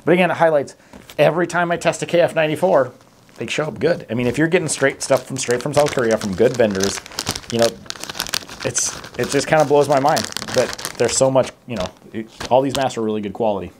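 A man's voice: mid-range voice, a little fast, background noise. Rambling man reviewing masks to camera. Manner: rambling, self-correcting, many fillers; reads out test figures plainly. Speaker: mask tester reviewing products. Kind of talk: casual product review to camera.

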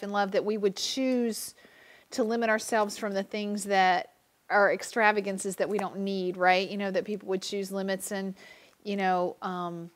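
A woman hosting an interview, talking enthusiastically and quickly with many fillers. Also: mid-range voice. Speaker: host. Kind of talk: casual interview chat.

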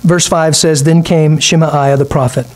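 A man's voice: a little high, steady tone, unhurried, a little mellow. A man, a pastor preaching a midweek sermon, reading scripture aloud and acting out little asides.

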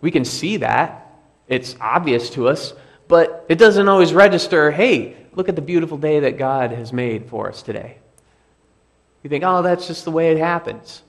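A pastor giving a sermon in a church, speaking conversationally and repeating key phrases for emphasis. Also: male voice, fairly high pitch, lively intonation, normal speed. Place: church sanctuary.

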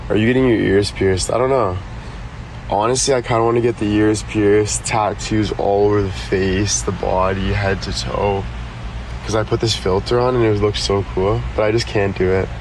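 A man's voice: lowish voice, steady tone, moderate pace, slight background noise, rough recording. A young man from Canada chatting casually on a live stream, rambling and joking with lots of fillers.

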